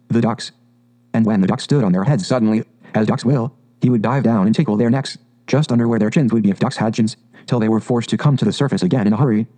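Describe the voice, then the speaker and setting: A man narrating a classic storybook in an even, unhurried audiobook reading. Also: lowish voice, poor audio.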